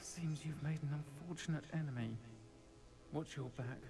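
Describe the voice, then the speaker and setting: An actor playing a wary young student in a video game, with an earnest, cautionary delivery. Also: male voice, on the high side, moderate pace, close to an everyday voice. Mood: warning. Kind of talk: game dialogue.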